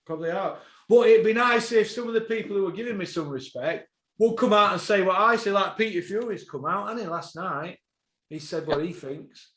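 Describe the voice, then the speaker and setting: A man hosting a boxing podcast, ranting, swearing and bursting into shouts. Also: high voice, a little fast, roomy sound.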